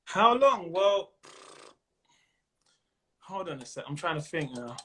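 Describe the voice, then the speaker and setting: A man with a London accent talks over a video call, bright and high in tone. His delivery is lively and full of swoops in pitch. He keeps slipping into mimicked voices as he tells stories. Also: slow pace, a little hiss or hum. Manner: animated, slips into mimicked voices and laughs often. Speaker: comedian guest. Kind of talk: casual chat.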